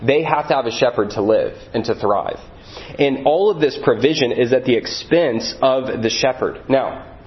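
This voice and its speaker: A man's voice: mid-range voice, highs cut off. A man preaching a sermon as a pastor, earnest and repeating phrases for emphasis.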